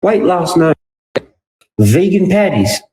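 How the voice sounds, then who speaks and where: A man's voice: sits high, slow. A man, a podcast guest telling casual stories and acting out what people said. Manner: animated, acts out other people's lines in quotes. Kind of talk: casual storytelling. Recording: roomy with clear background noise.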